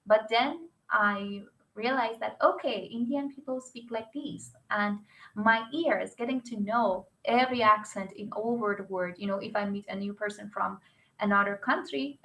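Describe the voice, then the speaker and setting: A woman's voice: mid-range voice, sharp tone, rough recording. A young woman English teacher chatting casually and animatedly about her students, with non-native phrasing. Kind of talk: casual chat.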